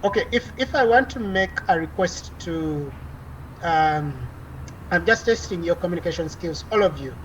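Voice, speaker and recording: A woman's voice: on the low side, expressive, normal speed, a little hiss or hum, low-quality recording. A woman lecturer teaching an online class over a video call, explaining at length with frequent "uh" fillers and restarts.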